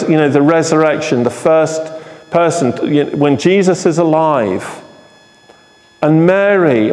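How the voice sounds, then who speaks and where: A man's voice: on the high side, darkish tone. A man preaching an earnest, emphatic sermon at a live church service, often repeating phrases for emphasis. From England. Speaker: pastor. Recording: live hall with long reverb.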